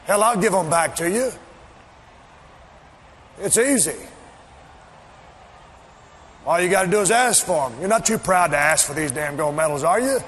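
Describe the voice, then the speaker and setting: A man cutting a wrestling promo, taunting and mocking, often shouting. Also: high voice, lively intonation, normal speed, pauses often. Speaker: pro wrestler. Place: arena. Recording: echoey arena audio with faint background noise.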